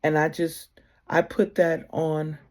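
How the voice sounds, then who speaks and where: A woman giving casual spiritual advice to camera, heartfelt and conversational, sometimes sinking to a soft near-whisper. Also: deep voice, little pitch movement, takes it slowly.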